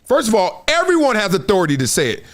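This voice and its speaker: Animated, high-voiced male sports talk host. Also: fast talker. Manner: animated, storytelling, slips into voices of others; casual slang, laughs often. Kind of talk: live sports talk commentary.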